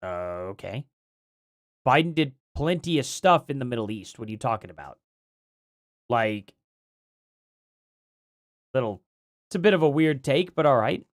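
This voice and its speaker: Hoarse-edged livestream host, lively and rambling. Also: medium pitch, measured pace, pauses often, no echo, clean studio sound. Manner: rambling, thinks aloud while reading. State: voice starting to go. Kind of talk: casual livestream commentary.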